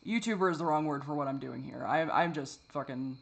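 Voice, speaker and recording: His voice is a little high with some vocal fry as he talks haltingly in a confessional vlog. He repeats himself, swears freely, and shifts from distress to gentle, self-mocking wryness.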